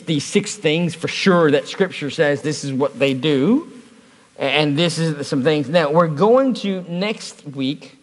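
Lively, animated man preaching in a hall. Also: fairly high pitch. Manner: conversational storytelling with humor. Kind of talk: sermon. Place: church service.

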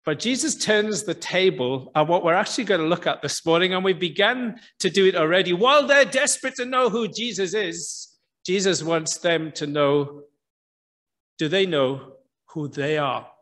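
A man preaching a sermon in a church, earnest, slowing down for emphasis, with frequent restarts. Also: high-pitched, a bit bright. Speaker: pastor.

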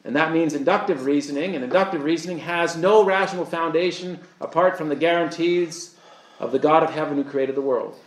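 A man's voice: on the high side, steady tone, brisk. Earnest preacher man, echoey room. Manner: earnest, asks the audience rhetorical questions. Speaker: pastor. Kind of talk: sermon.

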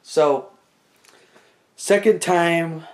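A man's voice: a little high, very slow. A young man telling a rambling, casual comic story to the camera, full of "like" and "you know" as he acts out moves.

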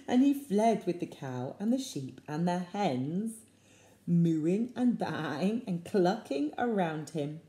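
A woman reads a picture book aloud to children, slow and unhurried with a lively, swooping delivery. Her voice is low and mellow, and she drops into soft whispers for asides. The room gives it a noticeable echo. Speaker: storyteller for children. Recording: echoey room.

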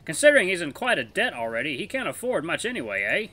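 A man's voice: fairly high pitch, sing-song, fast talker, sharp tone, pitched above the performer's own voice, heavily acted. A man voicing a jovial, sly older male wolf merchant who teases and laughs heartily. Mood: teasing.

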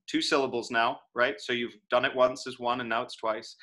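A man giving a casual lecture on verse to acting students, often saying "um" and "right?" and tapping out lines in a steady, metronome-like rhythm. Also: mid-range voice, moderate pace, hardly any pauses. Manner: profane aside. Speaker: acting teacher.

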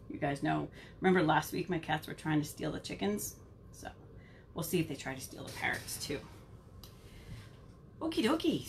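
A woman's voice: on the low side, gravelly, a little hiss or hum. Sing-song woman reading to kids. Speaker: children's librarian. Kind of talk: virtual storytime read-aloud. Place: home.

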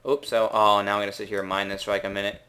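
A young man with a Canadian accent giving casual, rambling gameplay commentary, unsure of himself, with drawn-out words. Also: fairly low pitch, completely flat delivery, sharp tone, slight background noise. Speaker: gaming video maker.

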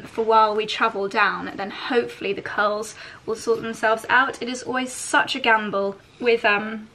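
A woman's voice: a little high, pushed and bright, a little hiss or hum. Bubbly woman vlogging at home. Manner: bubbly, giggly, rambling. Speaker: fashion vlogger. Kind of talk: chatty morning vlog to camera.

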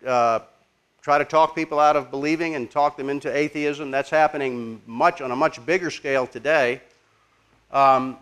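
A man with a somewhat high speaking voice teaches a congregation. His delivery is informal and conversational, with restarts, and he stops now and then to put questions to the listeners. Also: fairly bright tone. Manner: informal, halting, asks the audience questions. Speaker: preacher teaching apologetics.

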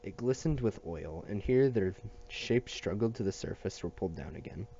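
A man reading a novel aloud at a steady pace, with small restarts and slips. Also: on the low side, normal speed, dull audio, a little hiss or hum. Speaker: audiobook reader.

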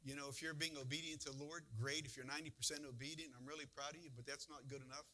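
A man's voice: a little high, fairly even intonation, racing, pushed and bright, a little hiss or hum. A man preaching a conversational sermon as a church pastor, full of rhetorical questions.

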